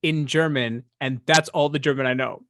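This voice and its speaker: Male co-host, easygoing storyteller, mid pitch, dry booth sound. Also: fairly even intonation, moderate pace, fairly bright tone, no room sound. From Punjabi background. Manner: chatty, self-deprecating storyteller. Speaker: podcast co-host. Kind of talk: casual chat.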